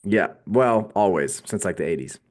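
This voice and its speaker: A man's voice: deep voice, lively intonation, moderate pace, a little mellow. A man co-hosting a podcast, chatting casually and joking in a dry, mock-serious way. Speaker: podcast co-host. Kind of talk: casual chat.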